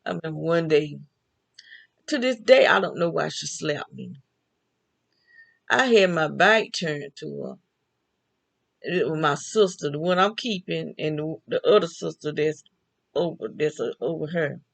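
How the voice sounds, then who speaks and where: A woman's voice: low-pitched, a little slow, creaky, pauses often, low-quality recording. An older woman chatting alone on camera, telling family stories and laughing often. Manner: chatty, laughs often, talks back and forth with herself. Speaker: vlogger. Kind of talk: casual storytelling monologue.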